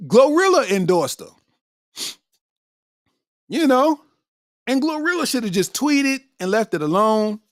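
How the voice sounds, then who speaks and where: A man's voice: very high voice, measured pace, pauses often, no room sound. Slangy comedian guy ranting on his podcast, laughs a lot, super dry close sound. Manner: animated, slangy, laughs often, exclamatory.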